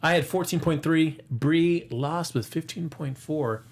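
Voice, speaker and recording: A man's voice: a little high, a little slow. A man hosting a casual box office chat, rambling through the figures with lots of fillers and jokes. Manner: rambling, filler-heavy, joking. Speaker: host.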